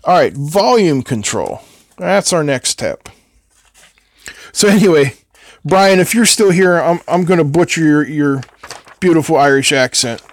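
An older man hosts a live electronics build stream, chatting casually, rambling, and answering viewers between soldering steps. His voice is a little high and animated, a bit slow with frequent pauses, and recorded dry.

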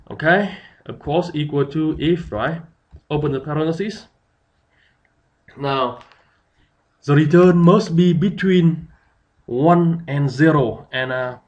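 A man's voice: mid-range voice, muffled recording. A man giving a tutorial, explaining step by step with many fillers. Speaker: instructor. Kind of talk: screen-recorded software tutorial.

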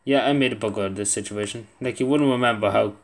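Young male gaming creator, slightly low voice, casual muttered play-along commentary, self-deprecating, swears under his breath. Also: fast.

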